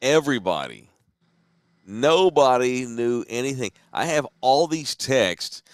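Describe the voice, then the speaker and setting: A worn-out man with a Texan drawl talks in a loose, meandering way and swears now and then. His voice sits at an average pitch, and the recording is dry and close with no room sound. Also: very animated, slow pace, no echo. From Central Texas. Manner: laid-back, rambling, profane. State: tired. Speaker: podcast co-host. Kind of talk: late-night casual chat.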